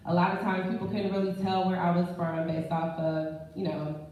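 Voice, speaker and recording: A woman's voice: lowish voice, level tone, moderate pace, darkish tone. A young woman who works as a mortgage branch manager, telling her career story in a candid, self-assured, conversational way on a live panel. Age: young adult. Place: live event room. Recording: echoey room, distant mic, dull sound, faint noise.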